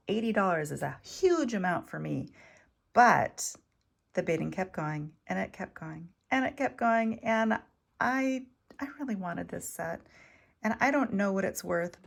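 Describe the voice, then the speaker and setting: Chatty woman with a gravelly, low voice. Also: expressive, unhurried. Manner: chatty, enthusiastic, drops to soft near-whispers over delicate pieces. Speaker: vintage jewelry reseller showing finds. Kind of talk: casual show-and-tell vlog.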